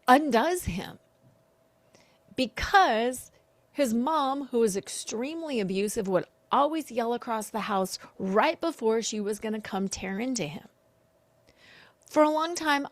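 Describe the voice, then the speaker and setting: A woman hosting a solo podcast as a coach, speaking earnestly and in an animated way, often acting out the lines she quotes. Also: on the high side, unhurried, no echo. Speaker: podcast host and betrayal coach.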